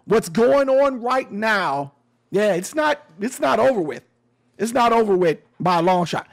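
A man's voice: sits high, lively intonation, measured pace, vocal fry. A man giving casual commentary on a news story, talking to his audience in a conversational, emphatic and sometimes sarcastic way. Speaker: commentary host.

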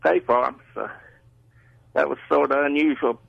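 A man's voice: a little high, steady tone, moderate pace, creaky, husky, no room sound. A man from Georgia calling a radio show, rambling and plain-spoken. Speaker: caller. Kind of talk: phone call-in story. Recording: muffled phone line.

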